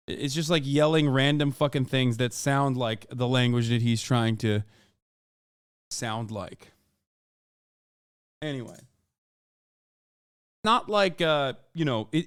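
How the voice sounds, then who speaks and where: A man's voice: fairly high pitch, fairly bright tone, clear, resonant tone, dry recording, clean studio sound. A man in his thirties streaming from home, giving casual opinionated commentary that is profane, emphatic and rambling with fillers. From United States. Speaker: streamer reacting to clips.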